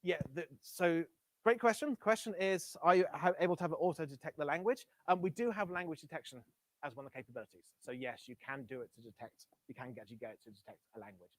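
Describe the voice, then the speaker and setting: A man with a slightly high voice talks fast, with no echo, as he live-codes for a meetup audience through a Bluetooth headset. His tech talk is casual and self-correcting, sprinkled with wry asides.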